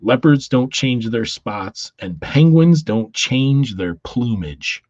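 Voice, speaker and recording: A grim, terse masked vigilante, as a man reads him aloud, delivering slow, clipped pronouncements. The voice is husky. It comes through a dull, lo-fi recording. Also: medium pitch, lively intonation, a little mellow, dry recording, voice pushed up. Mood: stern.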